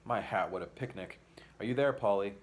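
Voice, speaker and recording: A man's voice: lowish voice, fairly quick, slight background noise, natural voice. A plucky, determined schoolboy from a storybook, as a man voices him. He sounds eager, speaks in old-fashioned slang, and stays close to the reader's own voice. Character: plucky, determined young boy.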